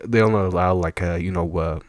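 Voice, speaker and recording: Very deep-voiced man, rambling casually. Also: fairly even intonation, a little fast, dry recording. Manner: rambling, many fillers, laughs often. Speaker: video reactor. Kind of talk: casual reaction commentary.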